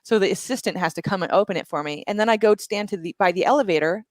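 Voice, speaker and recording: A woman guest on an interview show, retelling a story with vivid asides and quick restarts. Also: medium pitch, no echo. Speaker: guest entrepreneur. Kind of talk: animated storytelling in conversation.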